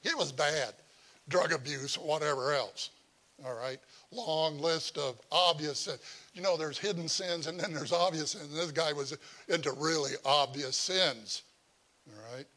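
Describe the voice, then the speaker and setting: A male pastor preaching a sermon, telling stories in an animated, conversational way and chuckling as he goes. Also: a little high, unhurried. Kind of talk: sermon with personal storytelling.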